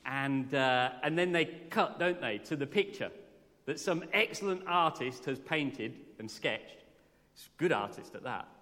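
In a church hall with long reverb, a man preaches a morning sermon, earnest and conversational, often putting questions to the congregation. His medium-pitched voice is expressive, unhurried and a little bright.

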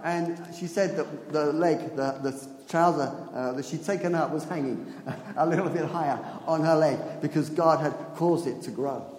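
A man with a fairly high, darkish voice preaches a chatty, storytelling sermon, laughing often and repeating phrases for emphasis. The hall is echoey, with faint room noise.

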